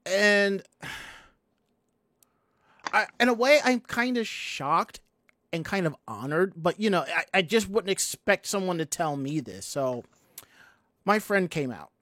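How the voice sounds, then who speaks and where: Chatty podcast host, rambles and restarts a lot, dry close sound, mid pitch. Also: expressive, a little slow, pauses often, a bit bright, no room sound. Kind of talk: casual chat.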